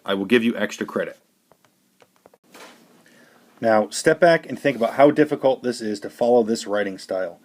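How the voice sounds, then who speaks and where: Measured male teacher, lower voice. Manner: clear, measured, instructive. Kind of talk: recorded classroom lesson.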